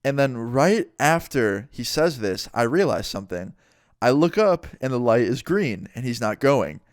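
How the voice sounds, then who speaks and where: A man's voice: medium pitch, sing-song, measured pace, dry recording, studio quality. A man in his twenties telling a story in a casual, slangy, swearing way. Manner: laid-back, slangy, swearing.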